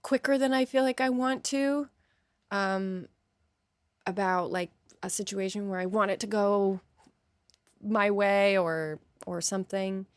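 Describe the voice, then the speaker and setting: Slow, thoughtful woman guest, dry sound. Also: medium pitch, no room sound. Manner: thoughtful and hesitant, with many pauses and fillers. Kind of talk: candid interview talk.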